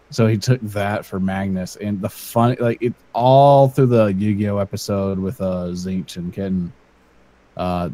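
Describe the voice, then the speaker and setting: Rambling, deep-voiced young man. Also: warm tone. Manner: rambling anecdotes, swears, laughs at himself. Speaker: livestream co-host. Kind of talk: casual livestream chat.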